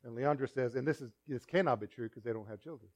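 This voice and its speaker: A male pastor preaching a sermon in a conversational, storytelling way, with asides to the congregation and swings between loud emphasis and quiet remarks. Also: mid-range voice, fast.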